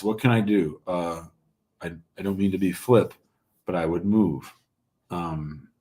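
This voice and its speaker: Blunt, fairly low-voiced man giving legal advice. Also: a little mellow. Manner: blunt, plain-spoken, swears casually. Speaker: immigration lawyer hosting a live call-in show. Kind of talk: live call-in advice show.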